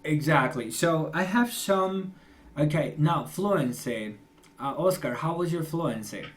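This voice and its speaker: Young male English teacher, encouraging and chatty, slightly raised pitch. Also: expressive, unhurried. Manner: encouraging, chatty, laughs often. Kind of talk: online class feedback.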